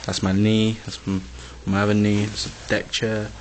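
A young man filming his friends, talking in a flat, dry monotone and tired from no sleep. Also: fairly low pitch, moderate pace. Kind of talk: casual commentary while filming. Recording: noisy home video.

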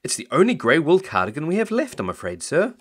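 Dad playing a brisk, polite saleswoman. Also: a little high, wildly swooping pitch, fairly bright tone, breathy edge, voice pushed up, exaggerated voice.

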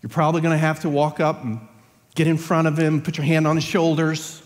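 A man delivering an earnest sermon in a slightly high voice, his lines swelling toward emphatic peaks. His words carry a long reverb from the church sanctuary around him. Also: steady tone, fairly quick. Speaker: preacher.

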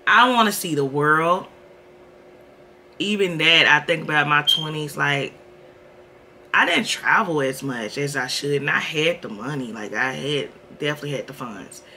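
Bright-voiced chatty woman vlogger. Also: low-pitched, expressive, moderate pace, slight background noise. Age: 30s. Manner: candid, chatty, addresses viewers as y'all. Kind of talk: casual vlog chat. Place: at home.

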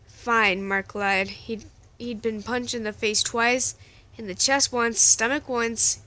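A woman reads a story aloud in a casual, unpolished way. She often trips over words and corrects herself, and her voice sits fairly high. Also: fairly even intonation, takes it slowly, sharp tone. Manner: casual, stumbling, self-correcting. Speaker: story reader. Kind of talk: amateur story reading.

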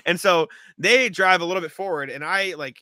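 Animated man telling road stories, laughing. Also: high-pitched, brisk, no room sound. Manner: animated storyteller, acts out his own reactions with laughs. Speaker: podcast co-host. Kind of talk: casual chat.

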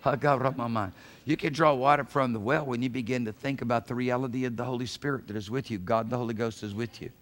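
A man preaching a sermon as pastor of a church, fervent, swinging from hushed passages to shouted calls. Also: mid-range voice, fairly even intonation, a little fast, few pauses. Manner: acts out quoted voices of God. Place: church sanctuary.

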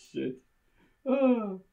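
A man's voice: extremely high pitch, sing-song, drawn-out words, vocal fry, dark tone, dull audio. A man co-hosting a podcast, chatting casually and crudely about a horror movie, laughing often. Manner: crude, laughs often, does goofy voices. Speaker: podcast co-host. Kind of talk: casual movie-review banter.

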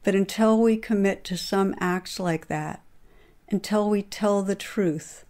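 A woman hosting a podcast, telling a long story in an earnest, steady way and quoting the people in it. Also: medium pitch, a little slow. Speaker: podcast host. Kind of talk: retelling a story in a talk.

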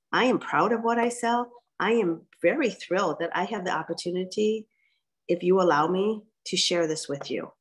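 Lively woman coaching a workshop. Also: on the low side. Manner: lively, direct, folksy coaching. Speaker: guest speaker. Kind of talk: workshop presentation.

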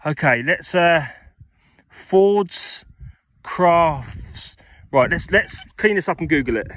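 A man's voice: on the high side, lively intonation, takes it slowly, a bit bright. A man giving a casual running commentary while metal detecting in a ploughed field, chatting to his finds and to his viewers as friends.

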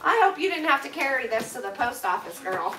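A high, very animated voice moves at a brisk clip over heavy noise. The speaker, a Pennsylvania woman, opens boxes donated by her viewers and talks to them casually, pouring out heartfelt, effusive thanks. The room echoes and the microphone sits far away.

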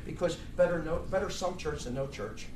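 A man's voice: on the high side, expressive, fairly quick, background noise. A middle-aged man preaching a blunt, fiery sermon with many restarts. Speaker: pastor. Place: church sanctuary. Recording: echoey room, mic far off.

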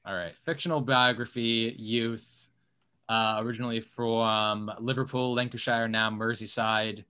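A man hosting a podcast in casual chat, loud and argumentative, swearing freely and mocking himself. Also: mid-range voice, level tone, unhurried, clear, resonant tone. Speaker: podcast host.

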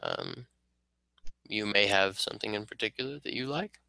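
A man's voice: fairly low pitch, moderate pace, gravelly, sharp tone, a little hiss or hum, poor audio. Man putting on Lord Padraig, a courteous town lord. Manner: polite, hesitant with many fillers.

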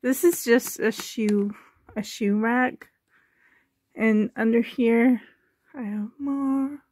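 A woman chatting casually in her home bedroom, soft-spoken and doting, often dropping into a whisper, filming on a handheld camera. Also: fairly high pitch, fairly even intonation, takes it slowly, breathy edge, no room sound. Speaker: doll collector vlogger. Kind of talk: casual show-and-tell chat.

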